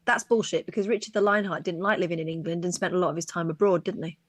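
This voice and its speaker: A woman's voice: on the low side, fairly even intonation, fast talker, no echo. Dry, sarcastic female co-host. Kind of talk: casual chat show.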